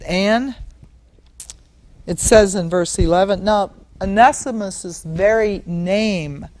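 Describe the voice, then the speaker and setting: A woman's voice: medium pitch, takes it slowly, a little mellow. A woman pastor leading a Bible study in a casual, conversational teaching style, explaining word meanings and acting out the quotes she reads. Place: studio.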